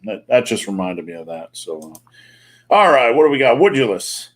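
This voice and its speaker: A man's voice: mid-range voice, sing-song, normal speed. A man hosting a live online Q&A, chatting casually and joking, with plenty of fillers. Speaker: host. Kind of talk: live-stream Q&A chat.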